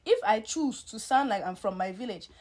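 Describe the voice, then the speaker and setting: A woman's voice: on the high side, animated, normal speed, a little mellow. A woman from Cameroon co-hosting a podcast, talking in a sassy, emphatic and mock-indignant way. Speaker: podcast co-host. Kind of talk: casual chat.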